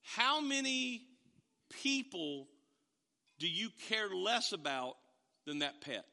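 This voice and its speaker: Man, pastor, sermon, storytelling, animated, high pitch, reverberant hall. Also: slow, creaky. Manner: storytelling, animated, acts out quoted voices.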